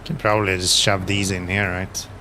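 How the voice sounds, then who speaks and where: A man's voice: deep voice, normal speed, a little hiss or hum. A man streaming a construction game, chatting casually and muttering to himself as he plays. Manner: relaxed, mutters to himself while playing. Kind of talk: casual gameplay commentary.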